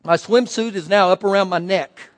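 A man's voice: sits high, moderate pace. A male pastor giving a sermon, telling folksy personal stories and acting out the voices of the people in them. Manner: folksy storytelling with animated quoted voices. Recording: long hall reverb.

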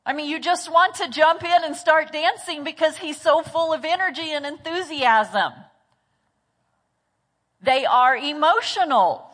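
A woman pastor teaching a church class, lively, often slipping into chatty voices for the people she describes. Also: sits high, big-room sound. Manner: animated, acts out chatty voices in quotes.

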